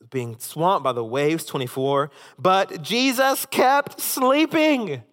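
Animated preacher in a reverberant hall. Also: male voice, mid-range voice. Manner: animated, emphatic storytelling. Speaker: pastor. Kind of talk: sermon.

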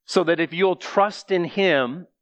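A man's voice: high voice, takes it slowly, a bit bright, no room sound, highs cut off. A man preaching a sermon, speaking earnestly and emphatically straight to his listeners.

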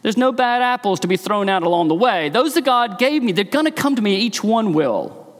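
A man preaching a sermon in an earnest, emphatic way, slowing and speeding up to stress his points. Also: high voice, animated. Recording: long hall reverb.

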